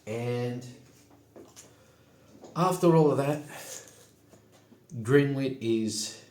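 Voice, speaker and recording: A man narrating a solo tabletop game in an unhurried, matter-of-fact way. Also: mid-range voice, a little mellow. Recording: echoey room.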